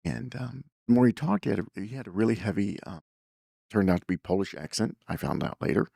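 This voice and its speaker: A man's voice: on the low side, fairly quick, gravelly, mellow, breathy edge, no room sound, studio quality. A man hosting a show, telling a story in a casual, rambling way, with lots of fillers and self-corrections. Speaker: podcast host.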